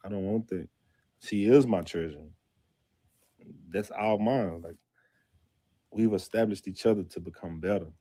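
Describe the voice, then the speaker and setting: Low-voiced man, confessional podcast guest, dry close sound. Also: mellow, breathy edge, no room sound. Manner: earnest, halting, confessional. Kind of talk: casual podcast talk.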